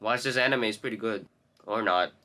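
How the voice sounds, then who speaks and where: A man's voice: fairly low pitch, fairly quick. A young man ranting casually about an anime, blunt and profane, rambling and correcting himself as he goes. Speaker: anime commentator. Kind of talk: casual rant to camera.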